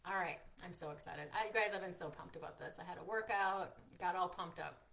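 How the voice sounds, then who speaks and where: A woman hosting a live-streamed workshop, chatty and encouraging, reading out viewers' comments and filling pauses with "like" and "um". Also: on the low side, gravelly, a bit bright, a little hiss or hum. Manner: encouraging, frequent fillers like "like" and "um". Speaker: workshop host and coach.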